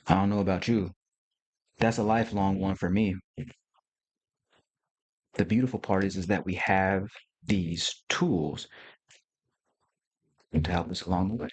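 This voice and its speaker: A man's voice: low-pitched, fairly even intonation, unhurried, pauses often, slightly rough. A middle-aged man hosting a casual livestream, talking to viewers in a loose, playful, slangy way. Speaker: host.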